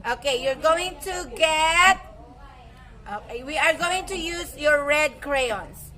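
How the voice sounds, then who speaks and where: A woman's voice: high voice, animated, slow, pushed and bright. A Filipino woman teaching young children in an online class, patiently mixing English and Tagalog and imitating animal sounds.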